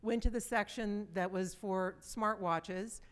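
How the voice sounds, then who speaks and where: A woman's voice: medium pitch, fairly even intonation, takes it slowly. A woman in her fifties giving a presentation to a live audience, telling stories conversationally and putting questions to the listeners. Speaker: conference speaker.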